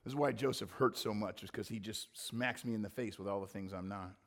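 A man preaching a sermon, swinging from quiet reflection to impassioned, near-shouted emphasis. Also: fairly low pitch, fairly quick, gravelly. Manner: impassioned, rising to near-shouting when voicing scripture. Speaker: pastor.

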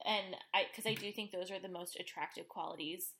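A woman's voice: on the low side, steady tone, a little fast, bright, forceful tone. A woman co-hosting a casual chat, laughing often and retelling scenes with quoted voices at home. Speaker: podcast co-host. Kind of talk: casual chat recapping a TV show. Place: home with dogs.

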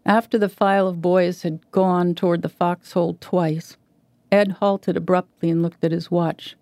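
A woman reading a short story aloud in a measured, even way. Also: fairly low pitch, no echo. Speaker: guest reader. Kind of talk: literary reading.

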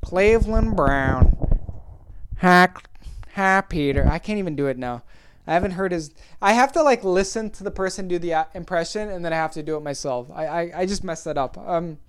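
A man's voice: a little high, fast, smooth. A man hosting a casual solo podcast, rambling and self-deprecating with many fillers. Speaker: podcast host.

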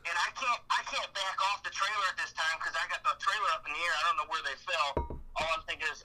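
A man from Ohio telling casual stories on a podcast, with lively acted-out quotes. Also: fairly high pitch, brisk, poor audio. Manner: animated storyteller with laughs and acted-out quotes. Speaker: guest hunter. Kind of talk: casual storytelling.

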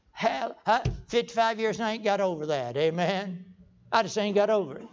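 Folksy older preacher, stammering. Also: male voice, sits high, normal speed, soft background music. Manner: folksy storytelling, stammering restarts, sudden emphatic outbursts. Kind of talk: folksy sermon. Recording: dull lo-fi sermon recording.

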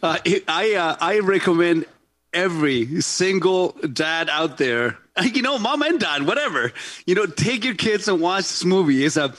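Casting: middle-aged male host, rambling and jokey, slightly high voice, dry close studio sound. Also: big pitch swings, moderate pace, fairly bright tone, dry recording. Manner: loose, rambling, laughs often. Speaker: podcast host. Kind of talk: casual talk-show chat. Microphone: studio mic.

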